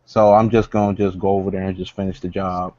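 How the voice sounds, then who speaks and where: A man's voice: low-pitched, flat delivery, fast, a little mellow, dry recording. A man playing a tabletop game, casual and joking, often laughing between lines. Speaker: player. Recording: dull lo-fi recording.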